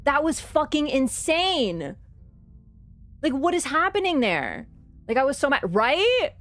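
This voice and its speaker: A woman's voice: high voice, measured pace, soft background music. Chatty young woman ranting on stream. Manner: animated, swears freely, rants with many fillers. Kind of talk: casual livestream chat.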